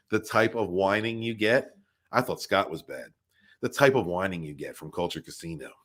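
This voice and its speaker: A man runs a casual livestream podcast and chats with a somewhat low-pitched voice. He rambles, repeats himself and keeps talking to fill any silence. He greets viewers by name as he goes. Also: pushed and bright. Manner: rambling, fills dead air, greets chat by name.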